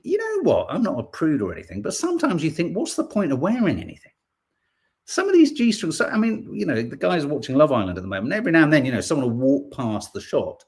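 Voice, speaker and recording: A man's voice: a little high, huge pitch swings, fast, darkish tone, husky. A man from Birmingham hosting a podcast, casually reading out headlines and viewer comments with jokey, playful asides. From Birmingham, England. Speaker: podcast host.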